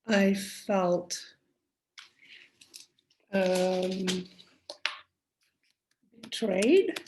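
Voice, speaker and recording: A middle-aged woman speaking slowly and candidly, thinking aloud with pauses as she reflects on her own feelings. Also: medium pitch, animated, a little mellow, slight background noise. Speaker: self-help speaker. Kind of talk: reflective personal talk.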